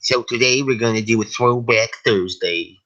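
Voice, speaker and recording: A man's voice: medium pitch, normal speed, a bit bright, highs cut off. A man co-hosting a podcast, chatting casually and playfully. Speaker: podcast co-host. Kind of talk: casual chat.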